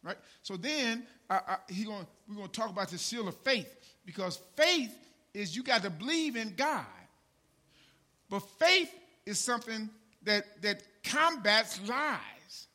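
The pastor keeps a measured pace and an expressive delivery in his conversational sermon. He keeps saying "man" and "right?" and goes from low asides to shouting for emphasis.

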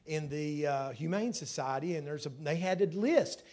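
A male pastor preaching a sermon with passion, dropping low and then rising loud. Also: normal speed. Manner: impassioned, swings from soft to loud.

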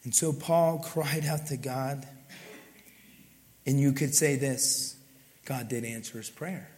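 A man preaching a sermon to his congregation, often dropping to a hushed, intimate tone. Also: medium pitch, fairly even intonation, takes it slowly, in a large hall. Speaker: pastor. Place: church sanctuary.

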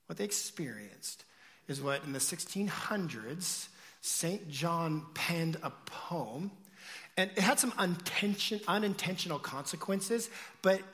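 Male pastor, bright and animated, storytelling sermon delivery, big dynamic swings, long church-hall reverb. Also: fairly high pitch. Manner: animated storytelling, swinging from shouts to hushed whispers.

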